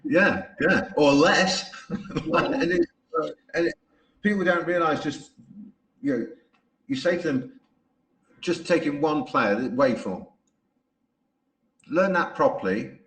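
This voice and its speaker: A man's voice: fairly high pitch, lively intonation, slow, pauses often, a bit bright. A man hosting a podcast, telling stories in a chatty way and laughing often. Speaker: podcast host. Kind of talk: casual podcast conversation. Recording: roomy echo.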